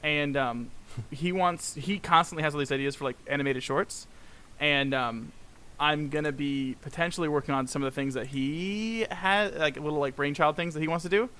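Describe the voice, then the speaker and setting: A man in a relaxed podcast conversation with a bright, forceful voice pitched a little high. He tells stories with lots of energy, laughs often and acts out the back-and-forth of past conversations. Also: normal speed, clean tone. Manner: animated storyteller, laughs often, acts out quoted exchanges. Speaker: guest animator. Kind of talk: casual podcast chat.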